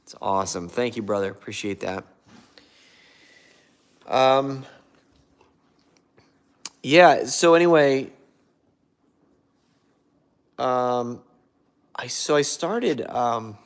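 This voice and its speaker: A man's voice: mid-range voice, extremely slow, pauses often, clear, resonant tone. A man hosting a casual livestream, rambling and losing his train of thought while he reads out viewer comments and thanks them. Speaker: livestream host.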